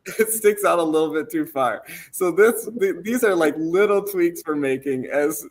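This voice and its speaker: A man's voice: a little high, moderate pace. A man casually walking a podcast audience through photos of a trailer, easygoing and rambling, with many ums and restarts. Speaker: trailer company representative.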